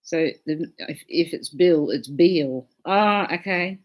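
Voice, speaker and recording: Slow-talking woman chatting on a livestream. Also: low voice. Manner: chatty, swears freely, laughs often. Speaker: livestream host. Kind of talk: casual livestream chat.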